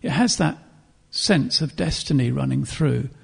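A preacher's medium-pitched voice carries lively intonation as he delivers an earnest, reflective sermon. He stops now and then to clear his throat and begin phrases again.

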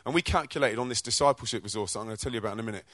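A man from England, telling energetic, chatty stories about his charity work to a church audience, with slang and quick restarts. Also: fairly low pitch, dry recording. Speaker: Christian rapper and charity co-director. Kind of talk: informal testimony talk to a church audience.

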